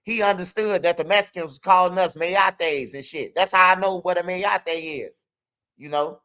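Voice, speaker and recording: Man, young adult, streetwise, casual storyteller, fairly high voice. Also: moderate pace, bright, forceful tone, clean tone, muffled recording. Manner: streetwise, loose, peppers talk with "bro" and "you hear me". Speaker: channel host.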